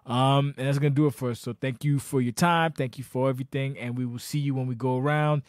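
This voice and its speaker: A man's voice: medium pitch, fairly even intonation, quick pace, dry recording, clean studio sound. A man hosting a casual podcast, telling long profane stories with lots of restarts. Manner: profane, rambling storyteller. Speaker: podcast host.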